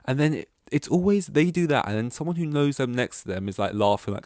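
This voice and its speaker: A man's voice: medium pitch, lively intonation, quick pace, few pauses, a little mellow, dry recording, clean studio sound. A man hosting a solo podcast, rambling and self-deprecating, swearing casually. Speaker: podcast host.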